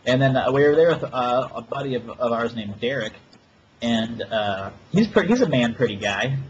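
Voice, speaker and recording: A man of mid pitch rambles through a story with crude, sarcastic asides. The audio is dull and lo-fi with a faint hiss under it. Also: expressive, moderate pace. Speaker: podcast co-host. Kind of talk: casual ranting storytelling.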